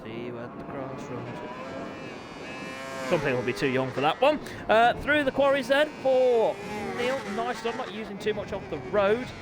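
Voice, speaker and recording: A middle-aged man, hosting and commentating a motorbike racing game live, excitable and quick to break into shouts and laughter. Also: high-pitched, noisy background. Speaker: gaming channel host and race commentator.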